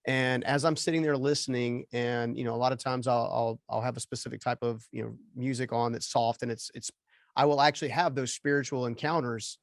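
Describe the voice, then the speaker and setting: A man's voice: mid-range voice, steady tone, brisk, vocal fry, dry recording, studio quality. A man hosting an interview, talking in a searching, rambling way and checking in with "right?". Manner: searching, repeats words and restarts, ends points with "right?". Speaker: podcast host. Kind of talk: casual interview chat.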